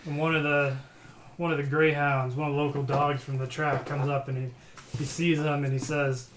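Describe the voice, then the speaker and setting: A man's voice: fairly high pitch, flat delivery, normal speed, a bit bright. Male player, playful joke storyteller, roomy room, faint hiss. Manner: playful, chuckles through the telling. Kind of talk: shaggy-dog joke storytelling.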